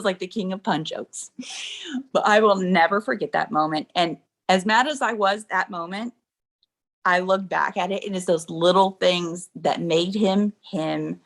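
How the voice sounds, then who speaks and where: A woman's voice: medium pitch, normal speed. A middle-aged woman, an interview guest, candidly telling personal stories and laughing along as she talks. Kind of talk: emotional personal storytelling.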